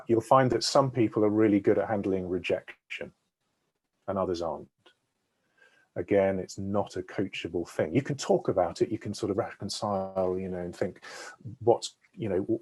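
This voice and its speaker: A man's voice: sits low, darkish tone, slightly rough. A man speaking as a sales consultant on a webinar over a video call, explaining at length and checking in with his listeners as he goes. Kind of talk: webinar talk.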